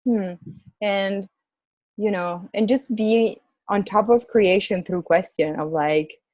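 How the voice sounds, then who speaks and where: This woman co-hosts a podcast and speaks slowly in a mid-range, somewhat dark voice, recorded with no echo. Her casual conversation rambles loosely and leans heavily on "like" and other fillers.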